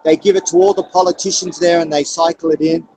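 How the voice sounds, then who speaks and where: A man's voice: fairly high pitch, fairly even intonation, fast, dark tone, rough recording. An Australian man on a video call, chatting in a blunt, emphatic way and swearing freely. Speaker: caller on a livestream. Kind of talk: casual chat.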